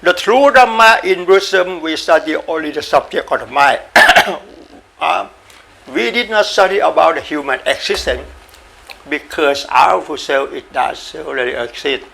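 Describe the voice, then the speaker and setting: Gravelly, bright-voiced man giving a dharma talk. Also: fairly high pitch. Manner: repetitive, halting, coughs and says sorry, playful animal sounds. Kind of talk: informal spoken dharma talk.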